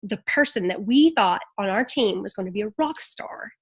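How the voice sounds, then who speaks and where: A woman's voice: medium pitch, animated, normal speed, husky. A woman giving emotional, chatty, scattered motivational tips as a network marketing ambassador on a group call.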